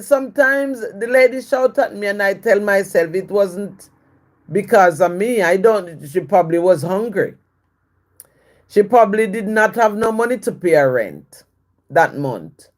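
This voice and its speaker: A woman hosting a live video, telling a personal story and greeting viewers with blessings. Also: medium pitch. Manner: warm blessings to viewers, repetitive and reflective. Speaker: live-stream host.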